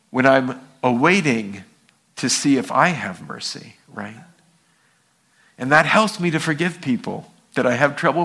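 A male pastor preaching a sermon, telling stories and acting out the people in them with a raised voice. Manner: animated storytelling, acts out quoted people in a high voice.

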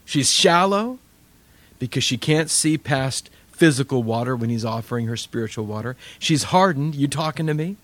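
Animated male preacher telling stories. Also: medium pitch, moderate pace, dry recording. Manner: animated storytelling, acts out quoted voices. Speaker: pastor. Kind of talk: sermon.

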